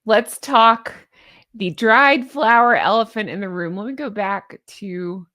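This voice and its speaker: A woman's voice: mid-range voice, slow, pushed and bright. A woman with a Southern American accent, chatting in a gushing, giddy way as she comments on royal news. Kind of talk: casual chat.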